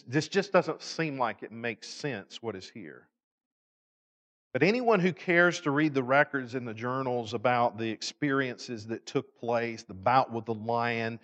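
A man preaching a sermon, telling a story with dramatic rises and falls and solemnly quoting prayers. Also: medium pitch. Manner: dramatic, rising and falling emphasis, quotes prayers solemnly. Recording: dull lo-fi recording in a reverberant hall.

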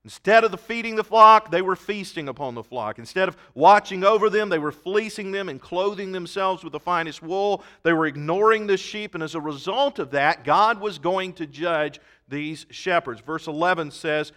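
A man's voice: sits high, normal speed, few pauses, bright, forceful tone. A man preaching a sermon, reading scripture aloud and explaining it with emphatic stresses and the odd restart. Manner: occasional restarts and fillers. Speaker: pastor.

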